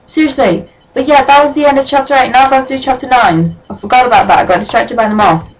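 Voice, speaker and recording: A woman doing a comedic dramatic reading of a story, breaking off with sarcastic, sweary, deadpan asides. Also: a little high, fairly quick, low-quality recording. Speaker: reader and commentator.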